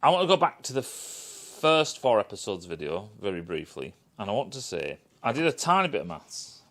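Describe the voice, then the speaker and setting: A man rants through a casual review in a lowish voice that swings widely up and down. He swears freely, mocks what he describes and keeps restarting his sentences. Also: very animated, normal speed, a bit bright. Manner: sweary and scornful, rambling with many restarts. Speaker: TV critic.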